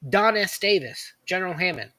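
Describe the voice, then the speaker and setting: A man co-hosting a casual podcast chat, rambling excitedly and pausing to search for names. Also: sits high, no echo. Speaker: podcast co-host.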